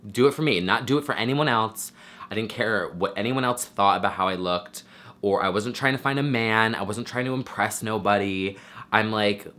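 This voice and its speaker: Bright, chatty man telling a story. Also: fairly low pitch, normal speed. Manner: chatty, candid, campy storyteller with mock voices. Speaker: vlogger host. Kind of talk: casual chat to camera. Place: home room with a ring light.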